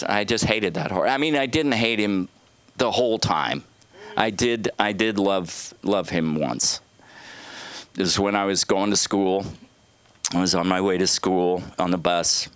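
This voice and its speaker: On a comedy club stage, a man does open mic stand-up with meandering, self-interrupting stories packed with tangents and false starts. His mid-range voice is a bit bright and smooth, and the recording is dry.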